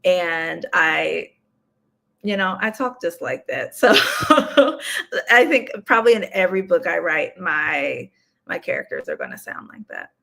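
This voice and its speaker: A young woman author from the US Midwest chats in a relaxed, candid way. Her voice sits low and has a gravelly fry. She laughs easily and drifts into casual vernacular. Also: unhurried. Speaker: author guest. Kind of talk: casual interview chat.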